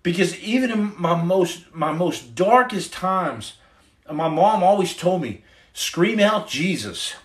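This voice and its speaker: A man's voice: high voice, expressive, unhurried. A middle-aged man hosting a livestream, giving his testimony in an earnest, preachy, casual way into his phone. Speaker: livestream host.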